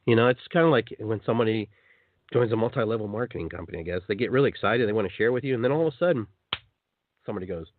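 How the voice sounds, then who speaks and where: A man hosts a live spiritual talk show on the radio, his voice husky and rising and falling a lot. He jumps into playful voices to act out little scenes. The sound is narrow and phone-like, dry and close. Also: mid-range voice, lively intonation, very fast, dry recording. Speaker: host.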